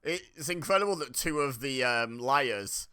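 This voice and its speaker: A man's voice: medium pitch, expressive, unhurried, sharp tone, clear, resonant tone. A man talking casually as he reacts to a reality show, chatty and exasperated. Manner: chatty, exasperated, laughs often. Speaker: reaction video host.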